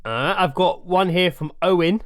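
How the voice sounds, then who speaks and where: A man's voice: high voice, moderate pace, a bit bright, no room sound. A man co-hosting a casual podcast, rambling and swearing, a little tipsy from beer, on a close mic. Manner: sweary, rambling, self-mocking. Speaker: podcast co-host.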